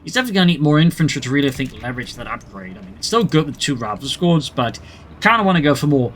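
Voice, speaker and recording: A man giving brisk play-by-play commentary on a video game match, with dry jokey asides. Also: on the high side, expressive, slight background noise.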